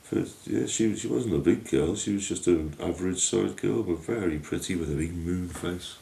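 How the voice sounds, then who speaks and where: A man narrating a folk tale in a lively, homely way, his voice very deep and dark. He sounds a little distant from the mic, in a room with a clear echo. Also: normal speed. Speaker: storyteller. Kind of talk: storytelling narration.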